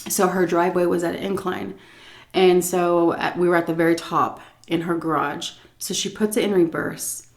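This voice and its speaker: A woman telling a casual story-time tale as a food vlogger, animated and full of fillers, acting out scenes as she goes. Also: on the low side, moderate pace, creaky. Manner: animated, lots of fillers and laughs, acts scenes out.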